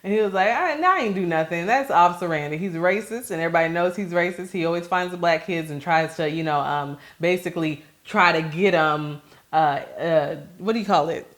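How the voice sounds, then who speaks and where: A young adult woman from Maryland hosting a casual talk, telling a personal story with lively acted-out quotes. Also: lowish voice, a little fast. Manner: animated storyteller who acts out quoted voices. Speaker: host.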